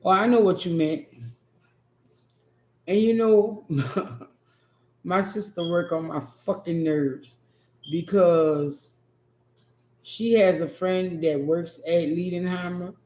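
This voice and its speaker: Slow-drawling New man, echoey room. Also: high-pitched, darkish tone. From New Orleans. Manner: profane, teasing, laid-back drawl. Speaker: streamer answering chat. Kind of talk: casual livestream chat.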